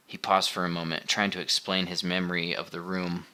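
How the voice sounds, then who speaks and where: A man reads an audiobook aloud in a steady, measured way, his voice sitting low. It's scripted narration.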